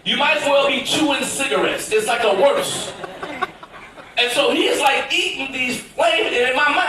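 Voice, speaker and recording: A stand-up comedian, a man from Tennessee, tells a story with big animated emphasis in a high, bright voice. He is heard from far off in a very echoey theater. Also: moderate pace, slight background noise. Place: cruise ship theater with audience. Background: audience laughter.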